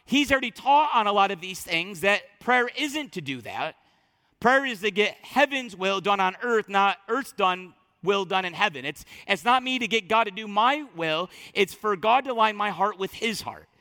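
High, bright-voiced preacher in a reverberant hall. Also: male voice, animated, normal speed. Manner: emphatic, repeats phrases for stress. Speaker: pastor. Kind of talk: sermon.

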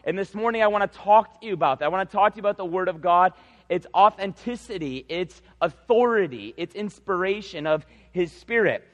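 A male pastor preaching a sermon in a church, reading scripture slowly and speaking with emphasis. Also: sits high. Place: large church sanctuary. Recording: reverberant hall.

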